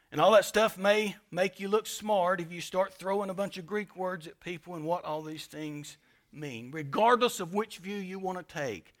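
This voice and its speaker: A man delivers a sermon from the pulpit as pastor. His voice sits high and bright. He drives his points with emphatic bursts, then drops to quiet, weighty lines. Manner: emphatic preaching with sharp swings in loudness. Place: church sanctuary.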